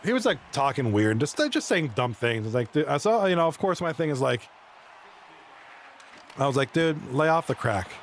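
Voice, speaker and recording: A man chatting casually on a live stream, rambling and excitable as he talks with viewers. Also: mid-range voice, normal speed, pauses often, a little hiss or hum. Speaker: live streamer and league commentator.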